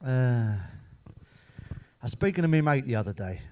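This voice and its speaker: Speaking a little slowly in a warm, expressive, medium-pitched voice, a middle-aged man does stand-up with dad jokes and one-liners. He curses often and chuckles at his own punchlines.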